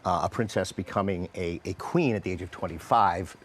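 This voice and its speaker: A man hosting a TV interview at a rapid clip. His voice sits fairly low, and he rambles through his questions with plenty of fillers. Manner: chatty and rambling, many fillers. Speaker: TV news host. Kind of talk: casual interview chat.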